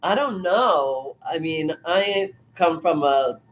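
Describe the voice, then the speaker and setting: A woman with a Boston accent chatting casually, relaxed and joking with quick asides. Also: low voice, a little hiss or hum. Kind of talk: casual chat.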